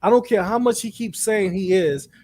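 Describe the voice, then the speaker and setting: A man with a high voice talking in casual chat, blunt and profane. He gets animated and acts out other people's lines in a mocking tone. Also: moderate pace, a little hiss or hum. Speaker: co-host.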